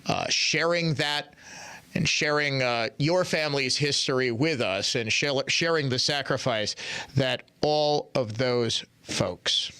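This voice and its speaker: A man's voice: medium pitch, takes it slowly, sharp tone, clean tone. A middle-aged man hosting a political talk radio show, delivering a sardonic monologue with mocking asides and reading listener messages aloud.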